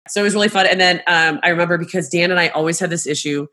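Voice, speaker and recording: A middle-aged woman, a travel agent, telling stories in casual conversation, animated and laughing often as she acts out what people said. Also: lowish voice, quick pace.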